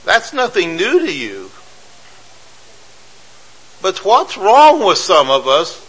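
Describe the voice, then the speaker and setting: Emphatic bright-voiced male preacher. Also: sits high, wildly swooping pitch, slow pace, long pauses, husky, low-quality recording. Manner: emphatic, repeats phrases for effect, rhetorical questions. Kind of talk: sermon.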